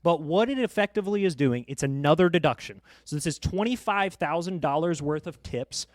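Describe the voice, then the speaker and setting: Financial planner guy breaking down taxes, slightly high voice, dry close mic, sure of himself. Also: expressive, brisk, no room sound. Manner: confident, explanatory, uses round numbers. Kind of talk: explaining tax rules on a podcast. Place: podcast studio.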